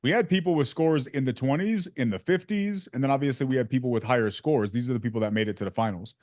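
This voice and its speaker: A man's voice: medium pitch, darkish tone, no room sound. Man, video call host, slangy, joking, dry close sound. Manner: fast, slangy, joking, lots of fillers. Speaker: sales community host. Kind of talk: casual coaching chat on a video call.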